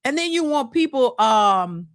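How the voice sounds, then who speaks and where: A woman's voice: high voice, measured pace, smooth, dry recording, studio quality. A woman, talking casually and emphatically as host of a livestream. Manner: animated, emphatic, restarts often. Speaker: host of a reaction channel.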